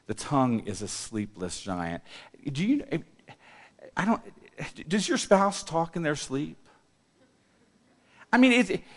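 A middle-aged male pastor preaching a sermon in a church, animated, swinging between loud emphasis and quiet asides. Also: sits high. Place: church hall. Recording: long reverb of a church hall.

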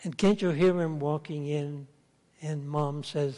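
Slow folksy preacher in an echoing hall. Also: male voice, on the high side, steady tone, warm tone. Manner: folksy storytelling, acts out the characters. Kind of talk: sermon. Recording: long hall reverb.

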